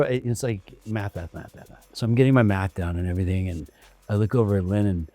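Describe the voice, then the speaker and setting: A male actor telling lively anecdotes in a casual interview, acting out what others said and swearing now and then. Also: lowish voice, fast talker, dry recording, soft background music. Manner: animated, acts out quotes of others, casual swearing.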